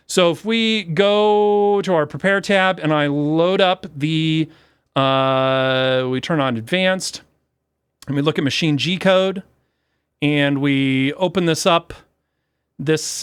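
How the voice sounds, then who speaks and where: Excitable self-deprecating man on a dry mic. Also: a little high, smooth, no echo. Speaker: maker video host. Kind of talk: casual screen-share tutorial.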